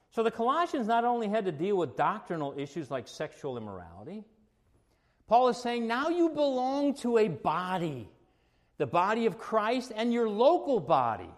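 Male pastor, higher-pitched voice, preaching style with dynamic swings from soft asides to loud emphasis. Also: big pitch swings, moderate pace. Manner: emphatic preaching, swings between quiet asides and raised exclamations. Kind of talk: sermon.

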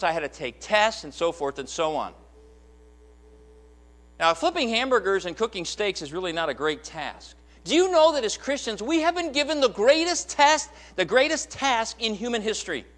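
A man's voice: very high-pitched, fairly bright tone. A man preaching a sermon as a church elder, emphatic and full of rhetorical questions to his congregation. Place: church sanctuary.

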